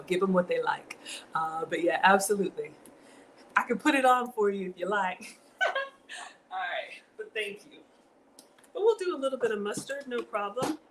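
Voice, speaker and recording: Over some background noise, a woman's mid-range voice comes through as she cooks at home and chats with live viewers. She's middle-aged with a Southern US accent, greeting people by name and reading comments in a chatty way.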